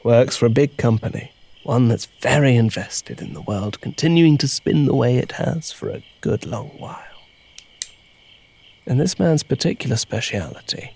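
A man's voice: mid-range voice, gravelly, a little mellow, husky, full character voice. A man, playing an agent who tells a long, rambling, playful story in an audio drama. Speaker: agent leaving a voicemail. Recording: music playing behind, crickets.

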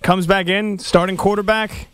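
A male co-host on a sports talk radio show trades cheeky jokes in studio banter. His voice sits fairly high and sounds smooth and clear, recorded dry and close. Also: level tone, moderate pace, a bit bright, no echo. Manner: joking, cheeky.

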